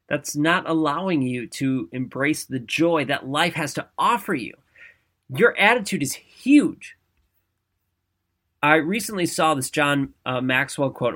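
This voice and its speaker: Upbeat bright-voiced motivational man. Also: fairly high pitch. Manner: energetic, conversational, often asks "right?". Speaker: motivational speaker. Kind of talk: motivational talk to camera.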